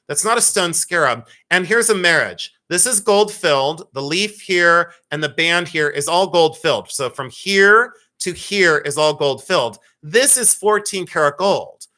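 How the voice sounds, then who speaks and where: A man's voice: on the high side, bright, forceful tone. A man hosting a live jewelry sale, chatting casually, joking, teasing and laughing often as he greets viewers. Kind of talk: casual live-stream selling chat.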